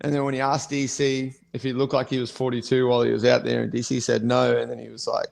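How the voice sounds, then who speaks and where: This is a man co-hosting a casual fight podcast. He speaks with a gravelly edge and little rise and fall in pitch. His talk is blunt, sweary and rambling. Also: completely flat delivery, fast talker. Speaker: co-host, fighter.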